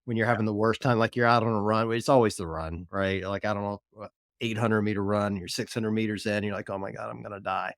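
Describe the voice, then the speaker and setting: A man hosting a podcast tells a gym story in a lowish voice. He gets animated and acts out the lines he shouted. The sound is close and dry. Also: quick pace, dry recording. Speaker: podcast host. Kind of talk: casual podcast chat, storytelling.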